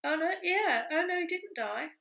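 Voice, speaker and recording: A woman's voice: very high-pitched, lively intonation, moderate pace, vocal fry, dull audio. A woman in a casual crafting chat, thinking aloud as she works. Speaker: craft vlogger.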